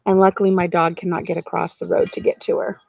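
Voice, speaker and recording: A woman's voice: on the low side, little pitch movement, fast, vocal fry, a little mellow. A middle-aged woman chatting casually on a live stream from outdoors on her farm porch, giggling and talking to viewers by name.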